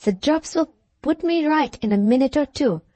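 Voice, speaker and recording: A woman reading an audiobook, voicing a faint older lady, a mother, who speaks in hushed, urgent tones. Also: sits high, expressive, moderate pace, no room sound.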